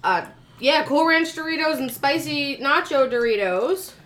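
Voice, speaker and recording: A woman's voice: high-pitched, lively intonation, unhurried, a bit bright, a little hiss or hum. A woman co-hosting a casual group chat, chatty and laughing often. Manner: chatty, laughs often, lists things eagerly. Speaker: co-host.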